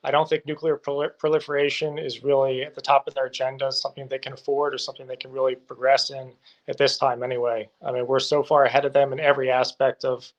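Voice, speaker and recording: A man's voice: mid-range voice, lo-fi sound. A male guest reporting from a war zone, answering interview questions firmly and assertively. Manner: firm, assertive, with occasional fillers.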